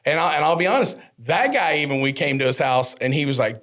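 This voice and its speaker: Animated man telling business stories. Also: a little fast. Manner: animated storyteller, acts out quotes with rising pitch. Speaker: podcast host. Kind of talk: casual business podcast chat.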